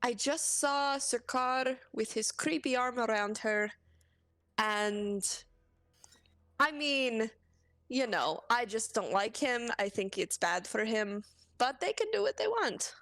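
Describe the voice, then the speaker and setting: A woman's voice: on the high side, lively intonation, takes it slowly, a bit bright, no echo. A woman playing a tabletop game, talking hesitantly with many fillers. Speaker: player. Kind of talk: in-character tabletop play.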